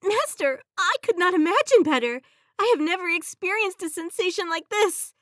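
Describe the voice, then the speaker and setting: A woman voicing an eager, naive female genie servant in a high, loud, wide-eyed innocent voice. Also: lively intonation, moderate pace, dry recording, studio quality.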